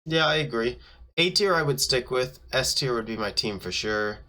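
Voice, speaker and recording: Laid-back young man, bright slangy co-host. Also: mid-range voice, animated, moderate pace. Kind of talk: casual chat.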